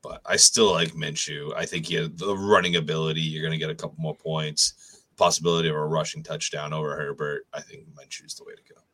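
Very deep, husky, bright-edged man. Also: little pitch movement. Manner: quick, teasing, laughs often. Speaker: podcast co-host. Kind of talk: casual fantasy football chat.

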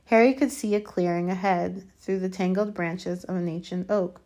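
A woman reading a children's fantasy chapter aloud as narrator, steady and measured. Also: on the low side. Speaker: audiobook reader. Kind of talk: storybook narration.

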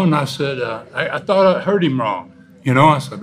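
An older man, a former wrestler, telling stories as an interview guest in a lively, animated way, often laughing. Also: fairly high pitch, moderate pace. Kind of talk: casual storytelling interview.

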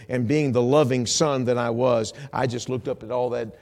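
A male pastor delivering a sermon in a middle-range voice, telling personal stories with animated energy. He swings from hushed, intimate moments to loud, emphatic peaks, with humorous asides along the way. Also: medium pitch, normal speed.

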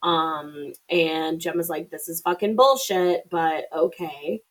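A woman's voice: sits low, slow, poor audio. A woman casually retelling a movie plot on a podcast, swearing freely and acting out the characters' lines. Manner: chatty, swearing, acts out quotes. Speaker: podcast co-host.

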